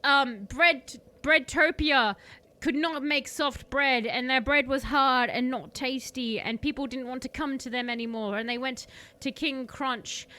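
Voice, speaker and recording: A woman's voice: high voice, steady tone, unhurried, pushed and bright. A woman streamer improvising a comic story, rambling and correcting herself as she goes.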